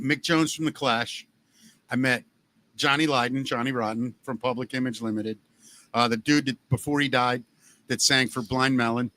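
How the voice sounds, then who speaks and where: A man hosting a podcast in casual chat, telling animated stories and swearing freely. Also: mid-range voice. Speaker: podcast host.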